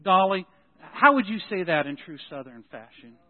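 A folksy male pastor preaches in a high voice, joking with his congregation and often stumbling over his words. The sound is tinny and thin, like a phone line, and it echoes with a long reverb in the church hall. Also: very animated, normal speed. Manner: folksy, joking, with frequent restarts. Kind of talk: sermon with announcements. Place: church sanctuary.

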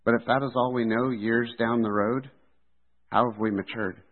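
A man preaching a sermon in an earnest, steady delivery. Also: medium pitch, normal speed. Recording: tinny phone-like sound.

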